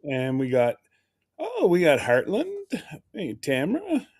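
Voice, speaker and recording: An unhurried livestream host talks through the new year, wandering from thought to thought with frequent laughs. The voice rises and falls a lot and stays relaxed throughout. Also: medium pitch, breathy edge. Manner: rambling, laughs often, greets viewers by name. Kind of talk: casual livestream chat.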